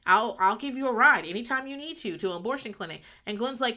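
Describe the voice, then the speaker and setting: Bright-voiced rambling woman recapping a sitcom. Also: on the high side, animated, fast. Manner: rambling, laughs often, acts out characters' lines. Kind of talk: casual chat recapping a sitcom.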